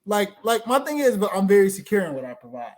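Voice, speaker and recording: A man's voice: high-pitched, very animated, fast talker, a little mellow. A man hosting a casual podcast chat, talking emphatically and repeating himself for stress. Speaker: podcast host.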